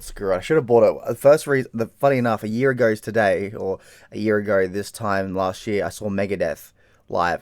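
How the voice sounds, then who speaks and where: A tired Australian man telling a rambling story in a casual vlog, swearing freely. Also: a little hiss or hum. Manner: rambling, swears freely, mimics people in high voices. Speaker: vlogger.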